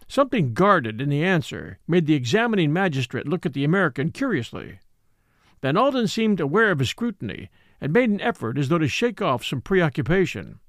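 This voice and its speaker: A man hosting and narrating an audiobook in an expressive, lively reading. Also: fairly high pitch, brisk, no room sound, clean studio sound. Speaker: host and narrator.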